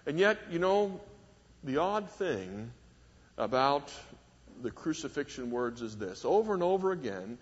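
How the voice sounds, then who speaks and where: A man with a husky, slightly high voice preaches a measured, emphatic sermon. His words ring out with a long hall reverb on a dull, lo-fi recording. He swings between soft, low phrases and sharp, raised ones. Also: sing-song. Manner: measured, emphatic, with wide swings in pitch and volume.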